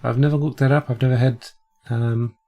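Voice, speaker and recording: A man's voice: mid-range voice, steady tone, brisk, highs cut off. A man with a cold, chatting casually and rambling through his gameplay commentary as host. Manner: rambling, chatty, self-deprecating. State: sick with a cold. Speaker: let's play host.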